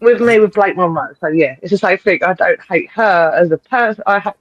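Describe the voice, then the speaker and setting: A man's voice: sits high, brisk, dry recording. A man co-hosting a casual chat over a phone call, teasing and jokingly mimicking his mum. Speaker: podcast co-host. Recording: dull dry phone line.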